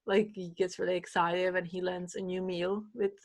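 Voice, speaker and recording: A woman guest on a podcast, chatting casually and telling animated stories full of fillers and acted-out quotes. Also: lowish voice, normal speed. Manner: animated storyteller, many fillers, acts out quotes. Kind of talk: casual chat.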